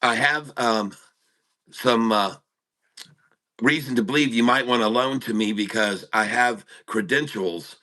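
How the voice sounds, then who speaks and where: Joke frog, male, smooth-talking, ribbits, bright tone; a man voices it. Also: medium pitch, a little slow. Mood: sly. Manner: croaks the odd ribbit.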